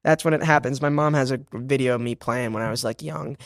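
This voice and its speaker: A young stage actor from Boston USA, guesting on a podcast, chats casually in a slight Boston accent, with frequent laughter, fillers and restarts. He speaks briskly in a mid-range voice, and there's no echo.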